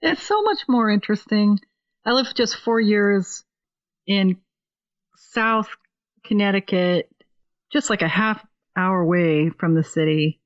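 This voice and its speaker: A woman's voice: mid-range voice, expressive, a little slow, long pauses, muffled recording. A woman from Oregon, a professional singer, chatting animatedly as a guest on a casual podcast. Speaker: guest musician.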